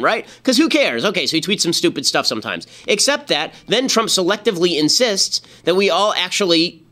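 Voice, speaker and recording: A man's voice: on the high side, bright, forceful tone. A man in his thirties hosting a political commentary show, talking in a sarcastic, exasperated monologue full of rhetorical questions.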